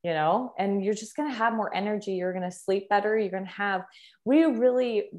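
A woman's voice: mid-range voice, a little fast, a little mellow. A young adult woman, a fitness trainer talking as a podcast guest, speaking with eager emphasis and repeating words for stress. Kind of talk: conversational podcast interview.

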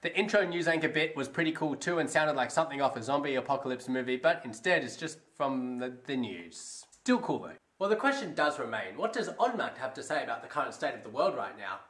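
A man's voice: mid-range voice, very animated, brisk, few pauses, a bit bright. A man giving a comedic album review in a wry, sarcastic way, swearing freely. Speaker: music reviewer. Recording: echoey room with faint music.

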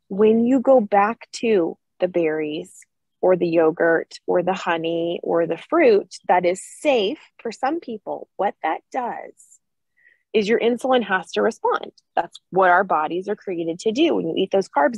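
Woman telling her story, husky and dry. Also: medium pitch, no room sound, rough recording. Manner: earnest, animated storytelling. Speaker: support group speaker. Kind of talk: personal testimony in a support group. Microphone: video call.

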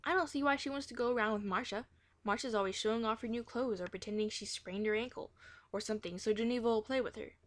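A woman's voice: a little high, fast, natural voice. A woman voicing a stubborn, jealous young schoolgirl in a children's story read aloud. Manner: earnest and stubborn.

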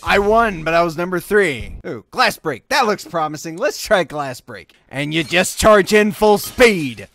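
A young man hosting a gaming video, giving casual gameplay commentary and swearing and yelling at the game as he plays. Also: high voice, measured pace, hardly any pauses, faint music behind. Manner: excitable, swears and yells at the game.

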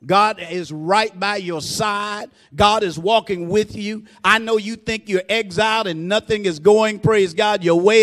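A pastor preaching a sermon frequently interjects "praise God," growing louder and slower on key lines and dropping low and soft for asides. The audio carries a long reverb tail.

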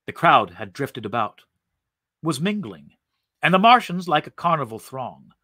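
A man reading a story aloud in a slow, expressive, vivid way. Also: fairly high pitch, dry recording, clean studio sound.

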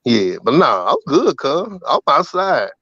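A man's voice: on the high side, very animated, measured pace, bright, forceful tone, breathy edge, no echo. Laid-back man on dull phone audio. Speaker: podcast co-host. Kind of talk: casual chat.

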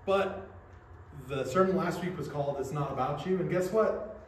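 Preaching in a church sanctuary, a man who serves as pastor explains his points with earnest rhetorical questions. He has a somewhat high voice and keeps a moderate pace. The recording has hall echo, a far-off mic, and slight background noise.

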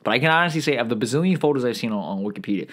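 A man's voice: medium pitch, expressive, rapid-fire, a bit bright. A man holds forth alone on his podcast in a loose, profane comedic monologue. He stumbles and restarts constantly, repeating words before getting back on track. He sounds bloated and irritable. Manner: profane, rambling, frequent restarts and stammers. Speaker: podcast host.

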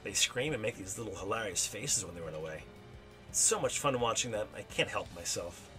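A man's voice: lowish voice, animated, a little fast, pushed and bright, faint music behind. A man voicing a gleeful, sadistic male demon villain in a video game, taunting and cackling. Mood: gloating.

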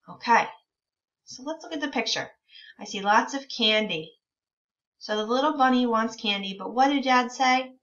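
Woman teacher reading with little kids, super slow and encouraging, dull lo-fi sound a bit off mic. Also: fairly high pitch, lively intonation, a bit bright, far from the mic. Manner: slow, encouraging, reads words out very slowly. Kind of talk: reading lesson for young children.

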